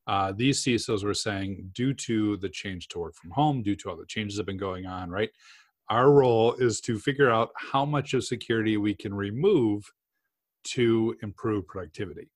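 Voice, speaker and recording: Male co-host with a low voice, lively storyteller, dry close sound. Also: normal speed, no echo. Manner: animated storyteller, fond of anecdotes. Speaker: podcast co-host. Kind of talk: casual technical discussion.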